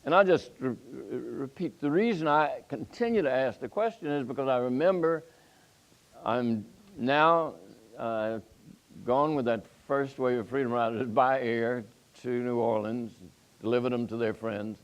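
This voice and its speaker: A man's voice: mid-range voice, a little slow, dull audio. An older man from Nashville on a forum panel, telling a story and acting out the quoted dialogue with energy.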